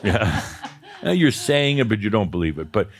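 Male spiritual teacher, lower voice, live workshop, blunt and profane, laughs often. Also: expressive, moderate pace. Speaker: spiritual teacher leading a session. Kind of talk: live workshop talk with audience.

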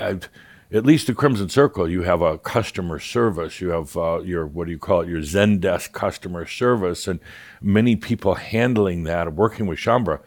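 A man delivers a channeled spiritual talk in the voice of a spirit teacher. His voice sits very low, and his delivery is wry and theatrical, full of playful asides. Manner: theatrical, wry, mimics callers, chuckles.

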